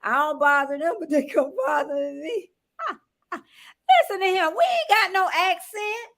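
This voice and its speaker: A woman's voice: very high voice, a little slow, a bit bright. A woman in her sixties with a Southern US accent, chatting casually and laughing easily as the host of a live stream. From Southern United States. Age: 60s. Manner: drawling, chatty, laughs often. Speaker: show host.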